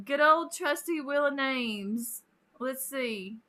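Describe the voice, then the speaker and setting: Chatty high-voiced woman streamer. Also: expressive, takes it slowly, bright, forceful tone. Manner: chatty, reads out chat and greets viewers by name, laughs often. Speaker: live stream host. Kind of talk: casual live-stream chat with viewers.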